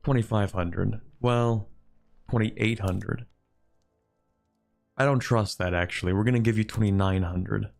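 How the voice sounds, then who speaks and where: A man streaming a strategy game live, talking to chat and bargaining aloud with computer opponents in an animated, joking way. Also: fairly low pitch, unhurried, vocal fry, long pauses. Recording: faint music behind.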